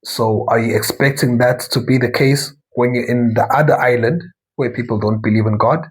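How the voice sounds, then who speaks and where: A man's voice: medium pitch, steady tone, normal speed, breathy edge, rough recording. A young man from South Africa hosting a talk show, talking casually in a rambling monologue full of asides and self-corrections.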